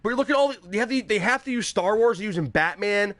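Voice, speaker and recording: A man's voice: sits high, expressive, fast talker, fairly bright tone, no echo. A young man hosting his own show, ranting about video games with heavy swearing and sarcastic mock quotes of other people. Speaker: show host. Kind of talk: ranting gaming commentary.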